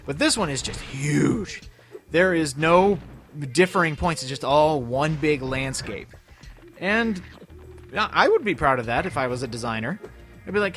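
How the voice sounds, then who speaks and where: Animated young-sounding man narrating gameplay. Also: fairly high pitch, normal speed. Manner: animated, with loud playful outbursts. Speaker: let's play host. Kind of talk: casual gameplay commentary. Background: game music.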